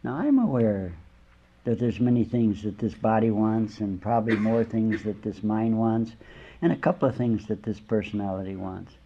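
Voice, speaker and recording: In a dull, lo-fi lecture recording, an older male spiritual teacher delivers a casual sermon with stories, wandering off on chuckling asides. His voice is darkish and on the low side, animated, at a moderate pace, with a little hiss or hum present.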